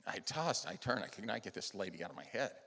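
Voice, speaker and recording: A man giving a motivational conference talk, telling a personal story earnestly, rising to loud emphasis and dropping to soft, hushed lines. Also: on the low side, big pitch swings, fast, vocal fry, breathy edge. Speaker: conference speaker. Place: large event hall. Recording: long hall reverb.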